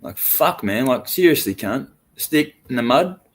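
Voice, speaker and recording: A man's voice: medium pitch, lively intonation, unhurried, slightly rough. A young Australian man livestreaming, talking to his chat in a profane, taunting and swaggering way. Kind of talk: live stream rant to chat.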